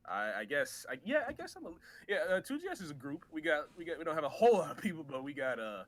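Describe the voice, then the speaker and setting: A man's voice: fairly high pitch, big pitch swings, fast talker. A man who makes abridged parodies, chatting laid-back on a podcast with stumbling restarts. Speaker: abridged series creator. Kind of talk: casual podcast chat.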